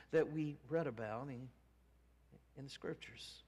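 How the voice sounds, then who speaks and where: A male pastor preaching a sermon in a church, earnest, rising from hushed to emphatic. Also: mid-range voice, a little slow, pauses often, slightly rough. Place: church sanctuary. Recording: long church reverb.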